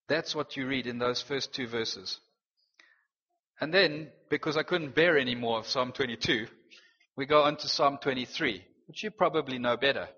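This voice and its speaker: A man's voice: fairly high pitch, moderate pace, fairly bright tone. A man preaching a morning sermon as pastor, reading scripture aloud with rising dramatic intensity and wry asides. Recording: dull lo-fi audio in a reverberant hall.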